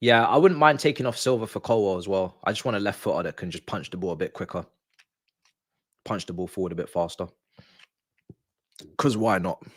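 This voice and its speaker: A man's voice: low-pitched, brisk, long pauses, slightly rough, no room sound, clean studio sound. A man hosting a live football watch-along, ranting in frustration and dropping into muttered asides. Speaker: live stream host.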